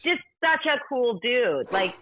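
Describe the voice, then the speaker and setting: A woman with a fairly high voice tells stories in a blunt, animated way. She is a podcast guest chatting casually. Her voice comes through a tinny, phone-like line. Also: slow, slight background noise. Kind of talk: casual storytelling chat.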